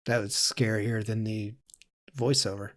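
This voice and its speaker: A man's voice: on the low side, little pitch movement, a little slow, fairly bright tone. A man hosting a podcast, casually recapping a film's plot with fillers and self-corrections. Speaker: podcast host.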